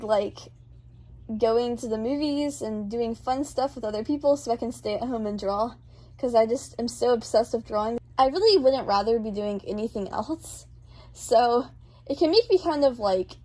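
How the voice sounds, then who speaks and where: A woman's voice: fairly high pitch, darkish tone. Bubbly, rambling young-sounding woman. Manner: bubbly, rambling, lots of "like" fillers. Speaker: art channel host. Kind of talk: chatty voice-over for a speedpaint.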